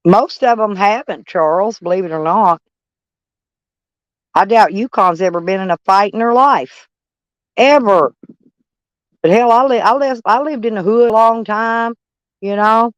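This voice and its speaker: A woman's voice: mid-range voice, measured pace, pauses often, dry recording. Woman, casual livestream chat, blunt, swears freely, says honey, lo-fi dull sound, dry. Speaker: livestream host.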